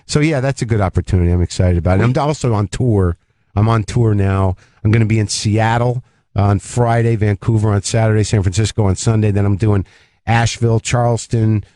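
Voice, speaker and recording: A man with a lowish voice spins a long, animated anecdote, restarting sentences as he goes. The sound is dry and close to the studio mic, with no room around it. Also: brisk, no echo. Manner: rambling, animated, self-interrupting. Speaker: comedian and podcast host, guest. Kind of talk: casual storytelling on a talk radio show.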